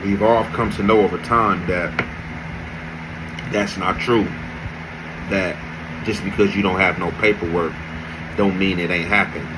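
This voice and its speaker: A man giving emphatic commentary to viewers in deliberate street talk. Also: deep voice, steady tone, background noise. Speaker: host narrating commentary. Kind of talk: commentary to camera.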